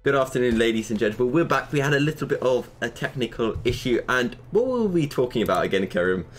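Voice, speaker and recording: Man, esports caster, playful banter, animated pitch, mid voice. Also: quick pace, soft background music. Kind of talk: esports casting.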